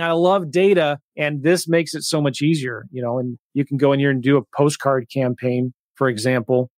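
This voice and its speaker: Man host, enthusiastic, slightly high voice, dry close sound, live demo. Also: no room sound. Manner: excited, enthusiastic, addresses viewers as guys. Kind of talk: live webinar software demo.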